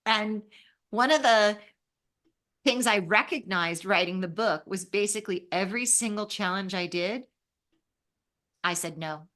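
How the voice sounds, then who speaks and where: A woman in her fifties from Los Angeles, a travel writer telling stories in an interview, animated and acting out the voices she quotes. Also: medium pitch, measured pace, long pauses. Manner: animated, acts out quoted voices, laughs often. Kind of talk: casual storytelling in an interview.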